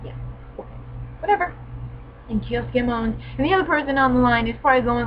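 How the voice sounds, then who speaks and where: A woman's voice: on the high side, quick pace, lo-fi sound, a little hiss or hum. A woman reviewing an anime in sarcastic, casual commentary, full of profane, mock-exasperated asides.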